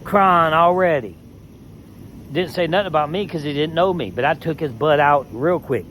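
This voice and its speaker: A man with a somewhat high voice, talking in a casual, heated rant. He is emphatic and swears freely. A faint noise hums behind him. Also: moderate pace, fairly bright tone. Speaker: former reality show contestant.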